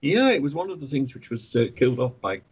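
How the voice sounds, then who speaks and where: A man talking as a podcast guest, animated, often stammering and restarting his sentences. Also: mid-range voice, fast, breathy edge, dull audio. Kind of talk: conversational podcast interview.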